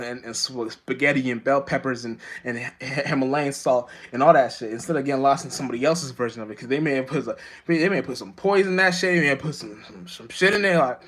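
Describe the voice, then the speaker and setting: A man delivering a rambling, profane spiritual monologue to the camera, full of restarts and constant "you know what I'm saying.". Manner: jumps high and loud when acting out his own outbursts. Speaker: vlogger.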